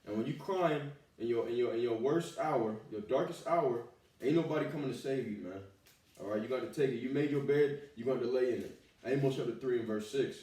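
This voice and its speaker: A man delivers a fiery street sermon, reading scripture and breaking off to curse and call out his listeners, with "all right" and "man" again and again. His voice has a mellow, dark tone. It comes from well away from the mic and rings in a heavy echo. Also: medium pitch, brisk. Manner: preaching, with profanity and repeated "all right" and "man". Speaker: street preacher. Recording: echoey, from far off the mic.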